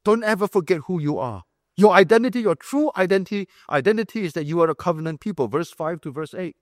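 High-voiced emphatic male preacher. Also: animated, fast talker, no room sound, studio quality, long reverb tail. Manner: emphatic, repeating key phrases; explains like a teacher, asks the room questions. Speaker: pastor. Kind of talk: sermon.

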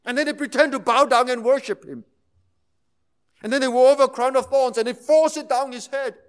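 A man delivers a sermon in a strikingly high voice. He explains calmly, then builds to fervent, emphatic passages before sinking back to soft, hushed tones. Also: moderate pace, smooth. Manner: impassioned, rising to emphatic intensity then dropping to near-hushed tones. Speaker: preacher.

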